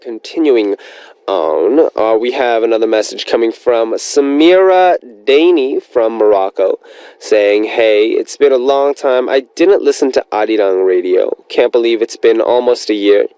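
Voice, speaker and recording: Male radio DJ, mid-pitched, chatty and upbeat, rambles between listener messages, dry booth sound. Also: animated, measured pace, dark tone, clear, resonant tone, no echo, rough recording. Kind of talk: radio show chat reading listener messages.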